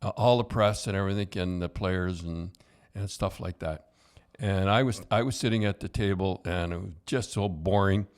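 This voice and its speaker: An older man, a podcast host and former coach, telling hockey stories in a rambling, halting way with chuckles. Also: sits low, fairly even intonation, clean tone. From Canada. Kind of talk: casual storytelling.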